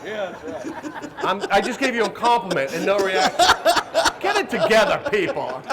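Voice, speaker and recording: A man's voice: sits high, very animated, moderate pace. A man doing live stand-up comedy and hosting a cooking show, brashly teasing the audience between jokes. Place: outdoor stage at a crowded show. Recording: live crowd and hall noise.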